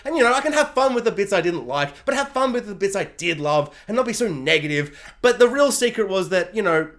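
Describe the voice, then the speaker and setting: A man's voice: high-pitched, fairly bright tone. A man ranting sarcastically in a casual, rambling review. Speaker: video reviewer.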